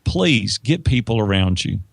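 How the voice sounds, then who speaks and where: A man telling personal stories as an interview guest, in an emphatic, animated way. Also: lowish voice, a little slow, vocal fry, husky, dry recording. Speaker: interview guest, business mentor. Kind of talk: conversational storytelling.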